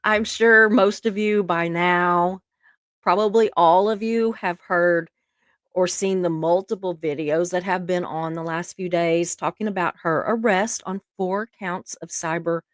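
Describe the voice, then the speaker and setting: A woman's voice: fairly low pitch, steady tone, unhurried, no room sound, clean studio sound. A woman with a Southern US accent from Georgia, hosting a livestream in a rambling, casual, chatty way. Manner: rambling and chatty, says "y'all" often. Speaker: livestream host. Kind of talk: casual chat to a live audience.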